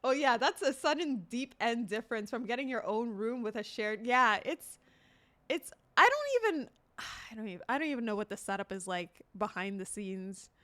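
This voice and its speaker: A livestreamer in her twenties chats casually with viewers, telling stories animatedly, laughing, and swearing now and then. Her voice is a little high and her speed normal.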